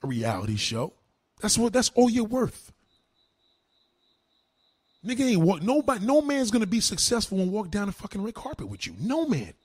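A man's voice: high voice, wildly swooping pitch, normal speed, pauses often, slightly rough, no echo. A man doing a heated, mocking, heavily profane rant on his live stream. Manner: heated, mocking, swears constantly.

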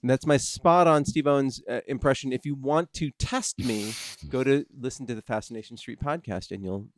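Man, podcast host, comedic banter, self-mocking, mid pitch, dry close mic. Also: moderate pace, dry recording. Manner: joking, self-mocking, stammers and restarts.

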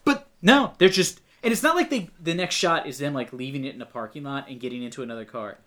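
A man's voice: medium pitch, lively intonation, fast, fairly bright tone. A man co-hosting a casual film-review chat, ranting sarcastically and swearing.

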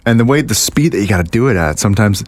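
A man co-hosting a casual podcast chat, telling stories with lively mimicry and frequent laughs. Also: lowish voice, very fast, no echo. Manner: animated storyteller, mimics voices and laughs often. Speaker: podcast co-host.

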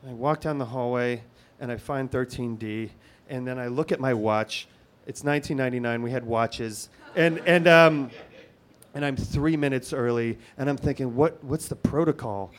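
A middle-aged man telling a comic personal story, halting and full of restarts, swinging between hushed and excited. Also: medium pitch.

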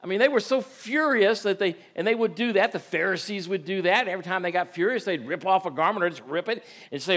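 A man's voice: high-pitched, lively intonation, a little fast, a bit bright. A man preaching a sermon in a church, folksy and conversational, often asking the congregation rhetorical questions. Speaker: pastor.

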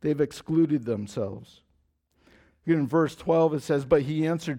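Earnest preacher man, fairly high voice. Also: slow, mellow. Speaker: pastor. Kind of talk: sermon.

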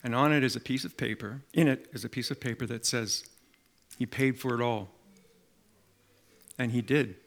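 A middle-aged man preaching a sermon, telling stories and making emphatic, animated appeals to the congregation. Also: medium pitch, fast talker, vocal fry, few pauses. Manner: animated storytelling with acted quotes and emphatic appeals.

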